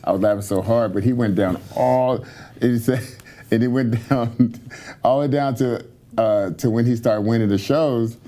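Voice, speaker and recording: A man with a warm, dark-toned voice shares stories on a talk panel. His chatty telling breaks into laughter often. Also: medium pitch, normal speed. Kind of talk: casual storytelling on a talk show.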